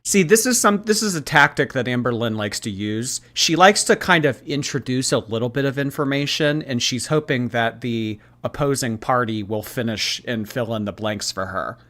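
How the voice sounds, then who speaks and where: Male streamer, chatty commentary host, mid-pitched voice. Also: moderate pace, few pauses, fairly bright tone. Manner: reacts to clips, thanks viewers by name. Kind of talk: casual livestream commentary.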